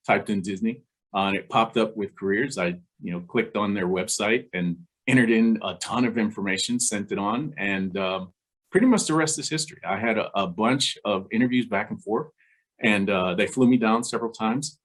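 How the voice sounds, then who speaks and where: An engineer being interviewed recounts his career conversationally, often chuckling and acting out remembered dialogue. He has a fairly low voice and speaks at normal speed.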